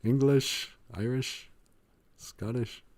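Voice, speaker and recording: A man's voice: medium pitch, drawn-out words, darkish tone. A man hosting a casual live stream, rambling and jokey, laughing often and trailing into fillers.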